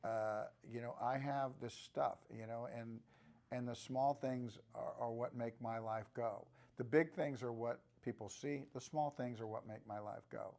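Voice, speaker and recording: A man in his sixties, an actor, answering interview questions in a relaxed, reflective way with frequent restarts. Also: mid-range voice, unhurried. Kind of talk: press junket interview.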